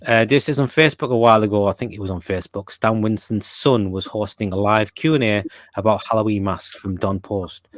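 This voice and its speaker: A man's voice: on the low side, fairly quick, no echo. A man hosting a casual podcast, reading viewer comments aloud and talking with many fillers and restarts. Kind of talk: casual chat.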